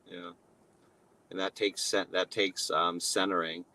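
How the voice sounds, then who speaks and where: A man working as a relationship coach, talking as an interview guest in a slow, gentle way and acting out example phrases. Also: sits low, fairly even intonation, dry recording, rough recording.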